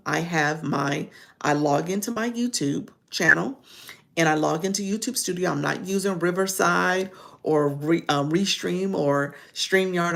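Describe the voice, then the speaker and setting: A woman's voice: on the low side, gravelly. A woman with a Chicago accent, a live-streaming coach talking casually and chattily, often laughing as she rambles. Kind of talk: casual livestream talk.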